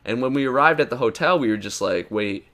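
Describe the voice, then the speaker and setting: A teenage boy telling an excited, rambling story about his experience, full of restarts and quoted dialogue. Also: medium pitch, fast. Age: teens. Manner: excited, rambling retelling with many likes and restarts. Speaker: YouTuber. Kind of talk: casual storytelling vlog.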